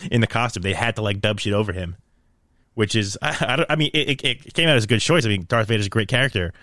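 A man's voice: lowish voice, quick pace, bright, forceful tone, dry recording, clean studio sound. A young man in casual podcast chat, rambling and laughing often, with jokey put-on voices.

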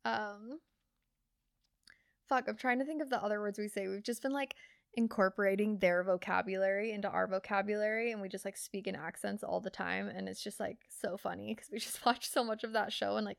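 Young woman, podcast host, casual and earnest, filler-heavy; slight vocal fry, dry close sound. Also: mid-range voice, no room sound. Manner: chatty, earnest, filler-heavy with frequent "like" and swearing. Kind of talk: casual solo podcast talk.

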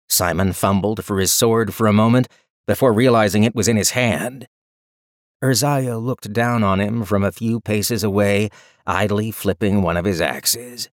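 A man narrating a fantasy audiobook in an expressive, dramatic storytelling style on a close studio mic. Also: fairly low pitch, a little slow, no echo. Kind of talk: scripted narration.

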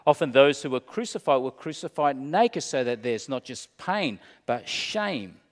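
A man preaching as a pastor, slow and dramatic, dropping to a hush and then rising. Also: mid-range voice, lively intonation, in a large hall. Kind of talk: sermon.

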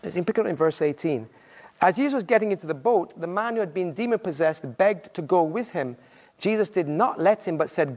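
Male visiting preacher with a high, lively delivery, storytelling and playing out the characters' lines. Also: a little fast. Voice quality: married. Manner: animated storytelling, acting out voices in quotes. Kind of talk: sermon.

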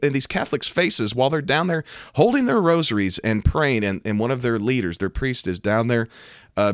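An American man, a preacher, talking emphatically about faith and current events and rising to loud, animated outbursts. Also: medium pitch, no room sound, studio quality. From United States. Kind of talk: preaching commentary to camera.

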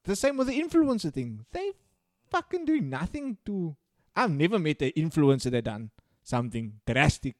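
A young man in casual podcast chat, profane and animated, breaking into sudden loud rants. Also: a little high, moderate pace, no room sound, clean studio sound. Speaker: podcast co-host.

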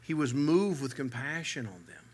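A man's voice: mid-range voice, sing-song, normal speed, slightly rough. A man preaching a sermon from the pulpit, mixing humor with earnest emphasis that swells and drops. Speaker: pastor.

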